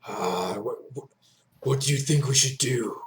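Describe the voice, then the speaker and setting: A man's voice: mid-range voice, a little hiss or hum. A man playing a tabletop game who talks in a hesitant way. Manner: slow, hesitant. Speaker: player.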